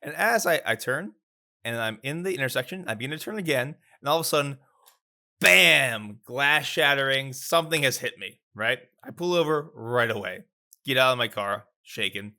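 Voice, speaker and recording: Animated, bright-voiced man priest. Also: moderate pace. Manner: animated storyteller, lively pitch. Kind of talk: casual storytelling chat.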